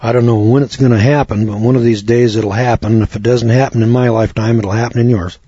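A husky-voiced man lectures like an old-school instructor, clearing his throat and doubling back on his words. The sound is dry and close, with a dull, lo-fi tone. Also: medium pitch, fairly even intonation, fast talker, dark tone, no room sound. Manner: homespun, storytelling, cautionary. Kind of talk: folksy lecture. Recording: dull lo-fi recording.

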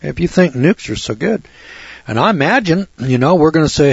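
A man's voice: on the high side, big pitch swings, fast, husky, no room sound. A man preaching in a blunt, folksy monologue, speaking straight to his listeners as a radio preacher and commentator. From United States. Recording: dull lo-fi dry recording.

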